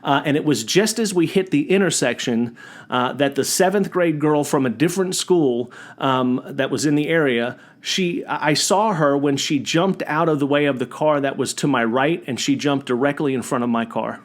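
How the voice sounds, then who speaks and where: Man telling a story, slightly high voice. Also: moderate pace. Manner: animated, acts out voices in the story, restarts sentences. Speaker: podcast host. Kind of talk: personal storytelling monologue.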